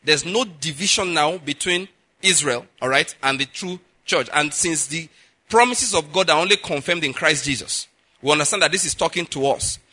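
A man's voice: fairly high pitch, normal speed, pushed and bright. A man preaching a sermon as a pastor, emphatic, often checking in with the listeners with asides. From Nigeria.

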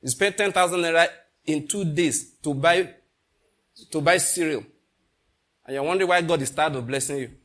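A middle-aged Nigerian man preaching a sermon, telling stories and slipping into pidgin, moving between loud and hushed delivery. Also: on the high side, moderate pace, pauses often. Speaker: pastor. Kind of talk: sermon with storytelling.

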